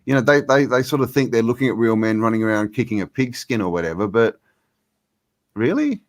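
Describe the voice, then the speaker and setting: Man, host, fairly low voice, rambling, emphatic, casual chat. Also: quick pace. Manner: rambling, full of "you know", emphatic.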